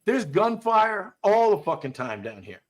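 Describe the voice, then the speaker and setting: A man hosting a podcast, talking in a blunt, profane, animated way as he tells stories in casual chat. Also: high-pitched, a little slow. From US South. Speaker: podcast host, dog trainer.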